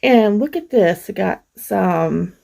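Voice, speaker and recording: A middle-aged woman hosting a craft vlog, gently showing off mail she received and gushing over each piece. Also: mid-range voice, expressive, gravelly, rough recording. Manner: slow, gentle, gushing over small things. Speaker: craft channel host. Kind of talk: casual show-and-tell vlog.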